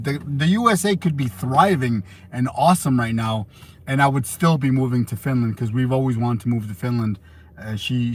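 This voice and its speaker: A young American man chatting casually on a livestream, answering viewer questions in a rambling way full of fillers and restarts. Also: mid-range voice. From United States. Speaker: livestream host.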